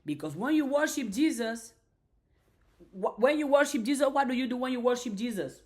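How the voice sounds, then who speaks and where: A woman's voice: high-pitched, lively intonation, moderate pace. A woman giving an emphatic motivational faith talk on a live stream, repeating herself and restarting lines as she goes. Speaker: faith and mindset creator.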